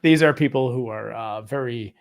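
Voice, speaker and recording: A man hosting a movie review podcast, telling stories in a lively, profane, casual way and mimicking people. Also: mid-range voice, normal speed, vocal fry. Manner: animated, profane storytelling with mimicry. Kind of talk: casual chat.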